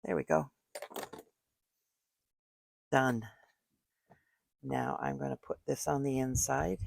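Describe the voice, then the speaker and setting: A woman's voice: extremely low pitch, vocal fry, a little mellow, no echo, studio quality. An older woman chatting casually as she makes a card at home, thinking aloud while she works. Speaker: card-making crafter. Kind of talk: casual crafting tutorial. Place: home craft room. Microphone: desk microphone.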